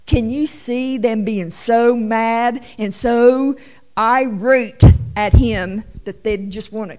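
Slow, animated woman teaching scripture. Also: a little high. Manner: animated, drawls scripture slowly, playful asides. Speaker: Bible teacher. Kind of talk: sermon-style Bible teaching.

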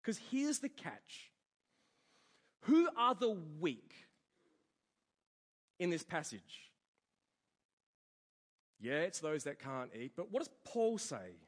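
A man's voice: on the high side, slow, long pauses. A man preaching a sermon, telling a story and acting out the people in it. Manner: storytelling with animated quoted voices. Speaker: pastor. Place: church hall. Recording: long church hall reverb.

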